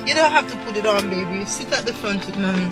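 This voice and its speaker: A mother talking to the camera in a weary, reflective, soft-spoken way. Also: mid-range voice, lively intonation, quick pace, over loud music.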